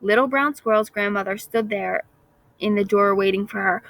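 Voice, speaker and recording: A woman reading a folk tale aloud for children in a gentle, expressive storytelling voice. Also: medium pitch, moderate pace, vocal fry, no room sound, rough recording.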